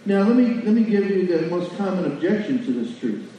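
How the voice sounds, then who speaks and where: A man's voice: sits high, very animated, fairly quick, warm tone, slight background noise. Guy preaching a sermon, folksy, lots of questions to the crowd, super echoey church, far off mic. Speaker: pastor. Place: church sanctuary. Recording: distant mic in a very echoey hall, lo-fi.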